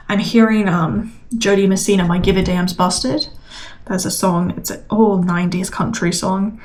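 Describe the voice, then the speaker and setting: A woman delivers a collective tarot reading straight to her listeners. Her voice sits at an ordinary middle pitch, and she talks in an encouraging, emphatic way. She often repeats a phrase to drive it home. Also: a little mellow. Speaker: tarot reader.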